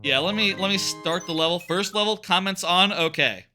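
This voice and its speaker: A man's voice: high voice, normal speed, bright, forceful tone, soft background music. A man streaming a video game live, chatting casually and answering his viewers' questions as he plays. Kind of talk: casual live-stream chat while gaming.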